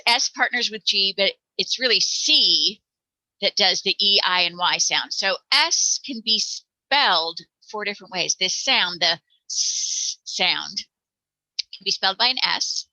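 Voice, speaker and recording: A woman's voice: medium pitch, pushed and bright, no echo, poor audio. An American woman teaching parents letter sounds, patiently demonstrating each one aloud. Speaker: reading teacher.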